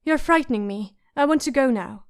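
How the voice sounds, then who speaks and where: A woman's voice: sits high, animated, a little fast. A woman reading the part of a timid, polite young noble girl who trembles as she speaks in an audiobook.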